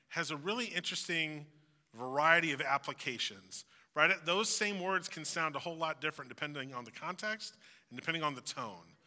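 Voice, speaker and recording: A man preaching in a large church sanctuary, his voice sharp and very bright and sitting a little high. He talks in a relaxed, reflective way and acts out everyday phrases. A long reverb hangs behind every word. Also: brisk. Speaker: pastor. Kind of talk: conversational sermon.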